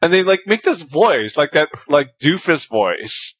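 A man's voice: on the high side, expressive, a little slow, a bit bright. Earnest, easygoing male podcast co-host. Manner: earnest, thoughtful, laughs easily. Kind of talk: casual comedic chat.

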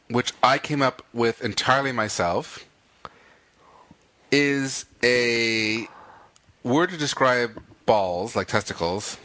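A man's voice: mid-range voice, takes it slowly, pauses often, no echo. A man co-hosting a podcast, chatting casually and teasing his co-host with jokes. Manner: joking, teasing, animated. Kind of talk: casual chat.

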